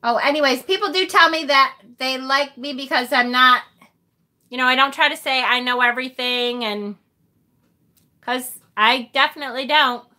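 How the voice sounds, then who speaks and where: At a normal speed, a tarot reader running a livestream talks casually in a high, bright voice and reads out comments from viewers. She's loose and friendly, as though speaking directly to them, laughing easily, joking at her own expense and now and then swearing.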